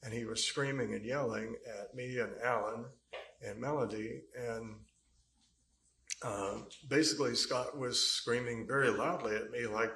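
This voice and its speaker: A man's voice: mid-range voice, steady tone, unhurried, vocal fry, bright, forceful tone. A man giving witness testimony in a courtroom, telling his account at length in a rambling, hesitant way full of fillers. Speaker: trial witness. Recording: echoey courtroom mic.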